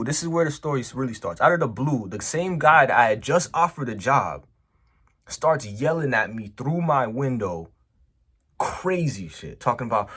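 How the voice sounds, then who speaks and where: A man with a mid-range, slightly breathy voice talks at a moderate pace. He's a business owner telling a personal story in a casual vlog monologue, animated and emphatic, packed with slang and plenty of "bro."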